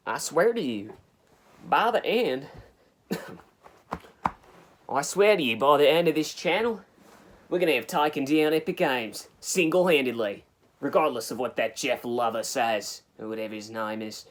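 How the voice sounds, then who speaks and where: A man voicing a brash, scheming male park owner in a put-on Australian accent, gruff and ranting, for a comedy mockumentary. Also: medium pitch, natural voice.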